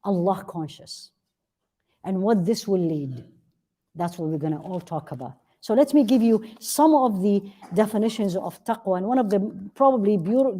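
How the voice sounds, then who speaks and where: Warm-voiced woman teaching a religious class. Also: medium pitch. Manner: earnest, asks rhetorical questions and answers them; repeats key phrases for emphasis. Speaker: Islamic teacher. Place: classroom with a live audience.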